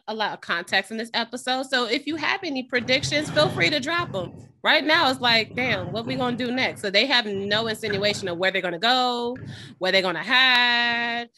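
A woman co-hosting a casual chat, playful and teasing, quick with a joke. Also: fairly high pitch, bright, forceful tone, a little hiss or hum. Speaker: co-host.

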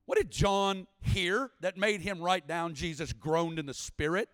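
A man preaching a sermon at a church service, impassioned, building to shouts and sing-song cadences. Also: high-pitched, a little slow, no echo, long reverb tail. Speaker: guest preacher.

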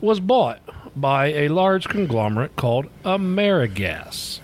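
A man's voice: fairly high pitch, big pitch swings, unhurried, slight background noise. A man from the United States co-hosting a podcast, telling stories in a blunt, profane, casual way. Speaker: podcast co-host. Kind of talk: casual chat.

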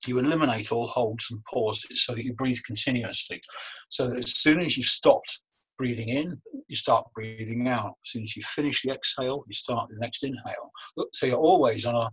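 A man's voice: mid-range voice, fairly bright tone, breathy edge, low-quality recording. A man, a magician and breathwork coach, explaining his practice in a thoughtful interview over a video call, often restarting his phrases. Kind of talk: relaxed explanatory interview talk. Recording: remote call audio.

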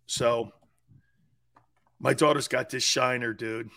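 A man's voice: mid-range voice, slow pace, vocal fry. A man co-hosting a sports talk show, telling stories animatedly and tossing in "man" and "dude" as he goes. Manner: animated storyteller, peppers speech with "man" and "dude". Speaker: sports radio co-host.

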